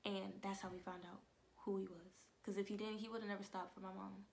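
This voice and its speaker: A young woman vlogging at home, telling an emotional personal testimony in a casual way and often dropping into soft whispers. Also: medium pitch, level tone, brisk, gravelly, slight background noise.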